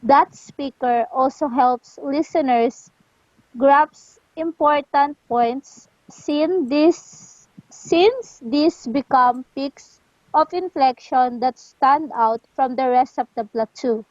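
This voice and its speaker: A woman learning English reads a lesson text aloud, careful and slow, stumbling now and then. Her voice is high and unhurried. The recording is dull and dry. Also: a little mellow, no echo.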